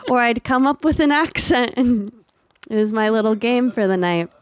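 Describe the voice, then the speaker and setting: A young woman comedian chatting as a podcast guest, animated and laughing often. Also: fairly high pitch, normal speed, dry recording, studio quality. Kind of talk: casual chat.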